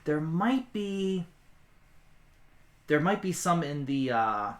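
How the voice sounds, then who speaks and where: A man's voice: fairly high pitch, sing-song, slow pace, voice pushed up. A man voicing a stern female dwarf, loyal to her council, who talks curtly and snaps. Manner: curt, snapping. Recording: roomy echo.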